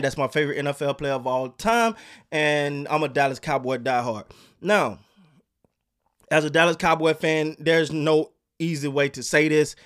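A man ranting casually about football and basketball, animated, swearing and repeating himself. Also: a little high. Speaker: sports commentator. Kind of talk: casual sports rant.

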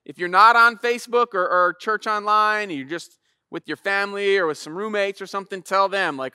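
A man, a pastor in his thirties, telling a casual, animated sermon story and acting out voices. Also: sits high, fairly quick, clear, resonant tone, dry recording, clean studio sound.

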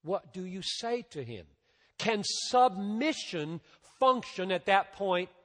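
Slow deliberate guy preaching, voice swells then goes quiet, long echo of a big church hall. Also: high-pitched. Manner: emphatic rises and drops in loudness, slow deliberate delivery. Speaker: pastor. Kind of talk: sermon. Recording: long reverb of a large hall.

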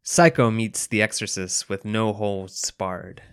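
A man's voice: fairly low pitch, measured pace, fairly bright tone, smooth. Laid-back male podcast co-host, conversational and amused. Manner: easygoing, laughs often, reads out quotes. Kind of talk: casual chat.

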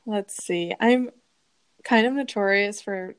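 A young woman co-hosts a laid-back podcast at a middling pitch. She asks questions, tells stories of her own and laughs easily. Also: takes it slowly, smooth. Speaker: podcast co-host asking questions. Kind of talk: casual podcast chat.

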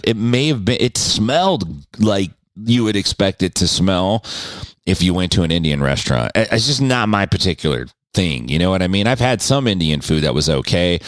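A man's voice: deep voice, dry recording, clean studio sound. A man hosting a podcast, telling a story in a casual, profane, self-mocking way. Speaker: podcast host.

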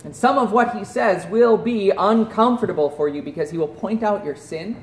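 A man preaching a sermon in an earnest voice that drops to a hush at solemn points. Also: high-pitched, moderate pace, echoey room. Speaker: pastor.

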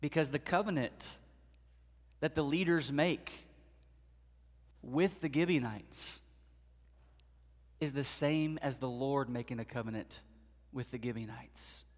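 A male pastor preaching a sermon in a lively storytelling way, acting out the voices of the people he quotes. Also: medium pitch, slow pace, long pauses, big-room sound.

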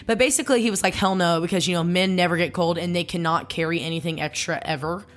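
A woman's voice: lowish voice, quick pace. Chatty woman telling a crime story. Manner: chatty, jokey, acts out quotes in silly voices. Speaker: podcast co-host. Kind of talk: casual true-crime chat.

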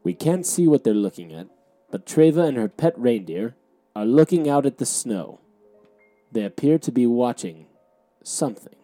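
A man co-hosting a podcast, describing a storybook's pictures one by one in a deadpan, matter-of-fact way. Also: mid-range voice, moderate pace, soft background music. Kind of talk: picture-by-picture commentary.

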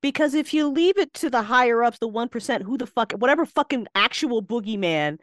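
A woman with a fairly high voice speaks as a podcast guest. She is blunt, fiery and freely profane, and her delivery has plenty of bite. The sound is dry, with no room echo. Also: lively intonation, brisk. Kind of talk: casual podcast chat.

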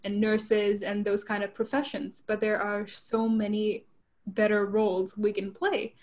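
A woman chatting casually, pausing often and restarting her sentences. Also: mid-range voice, flat delivery, darkish tone. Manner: hesitant, many pauses and restarts. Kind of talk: casual chat.

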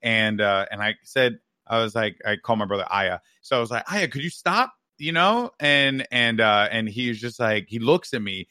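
Bright-voiced animated storytelling man. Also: lowish voice, normal speed, few pauses, clean tone, no echo, studio quality. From New York, US. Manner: animated, profane, peppers with "right?". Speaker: podcast co-host. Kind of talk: casual storytelling chat.

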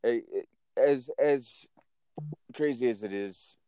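A man hosting a podcast, telling stories in a casual, animated way and swearing now and then. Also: medium pitch, slow pace, smooth, no room sound, clean studio sound. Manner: animated, chatty storyteller who swears casually. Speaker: podcast host. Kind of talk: casual storytelling.

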